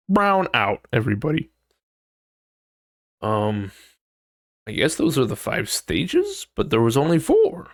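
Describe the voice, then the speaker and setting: Man, podcast host, animated pitch, swears a lot, dry close sound. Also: vocal fry, no room sound. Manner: swears freely, thinks aloud while reading; acts out quoted people in exaggerated voices. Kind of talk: casual solo podcast chat.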